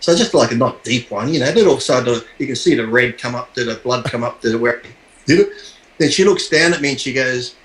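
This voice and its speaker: A man tells a raw, swear-laden story as a podcast guest, and he is blunt and unfiltered. His pitch sits in an everyday middle range. The sound is noticeably roomy, with studio echo around him. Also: quick pace. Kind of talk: crude anecdotal storytelling.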